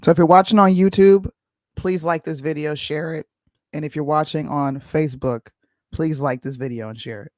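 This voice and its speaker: A man's voice: on the high side, fairly even intonation, darkish tone, no room sound. Dry-voiced chatty male stream host. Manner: chatty, opinionated, quick to laugh. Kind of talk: casual live-stream chat.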